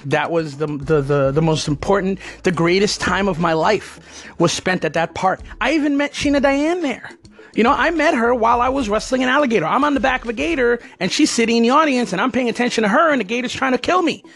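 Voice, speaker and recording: High-voiced man rambling through a story. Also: lively intonation, a little fast, fairly bright tone. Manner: rambling, digressive. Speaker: former alligator wrestler. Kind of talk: casual personal storytelling.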